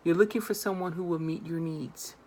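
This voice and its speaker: A woman's voice: fairly low pitch, fairly even intonation, brisk, warm tone, slight background noise. A woman tarot reader giving earnest, emphatic advice straight to her viewers. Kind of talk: direct-to-camera advice monologue.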